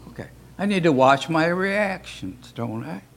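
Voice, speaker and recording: A man's voice: a little high, lively intonation, a little slow, vocal fry, fairly bright tone. A man teaching an informal Bible class in a church, talking in a folksy way and often asking rhetorical questions. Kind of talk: informal Bible study talk.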